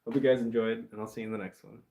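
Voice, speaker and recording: A man's voice: fairly low pitch, flat delivery, very fast, warm tone. Male streamer, casual self-mocking chatter, roomy echo. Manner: rambling, frequent fillers, self-mocking laughs. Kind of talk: casual chat to viewers. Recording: roomy echo, distant from mic.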